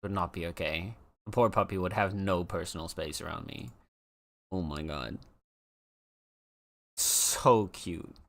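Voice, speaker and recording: A streamer chatting casually with viewers, gushing over pets with drawn-out exclamations and a cooing voice. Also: low-pitched, creaky, fairly bright tone.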